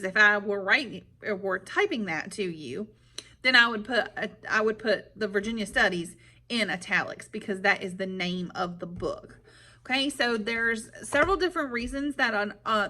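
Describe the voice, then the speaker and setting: A woman teacher reading a chapter aloud to her pupils, then explaining it in a clear, patient way and checking in with them often. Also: mid-range voice, sharp tone.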